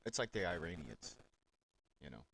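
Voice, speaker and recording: Blunt, sarcastic man with a low voice. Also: big pitch swings, normal speed, gravelly, fairly bright tone, slightly rough. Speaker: political commentary host. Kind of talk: reaction commentary on clips.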